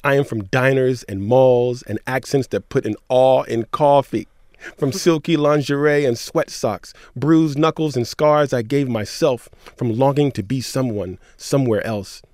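A man co-hosting a radio show who chats and reads community poetry in an earnest, measured way. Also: medium pitch, a little mellow, dry recording, clean studio sound. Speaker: radio co-host. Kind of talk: radio chat and poetry reading.

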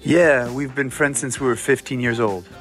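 A man in his forties, a musician from Montreal, explaining his band's music in a relaxed, casual interview. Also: mid-range voice, moderate pace. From Montreal, Canada. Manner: relaxed, explanatory, with frequent fillers. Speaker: musician guest.

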